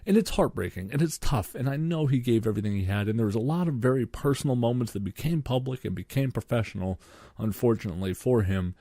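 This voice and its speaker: A man's voice: medium pitch, lively intonation, fast talker, mellow, dry recording, studio quality. A young man, co-hosting a podcast and ranting sarcastically about sports, swearing freely. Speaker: podcast co-host. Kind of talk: solo sports podcast rant.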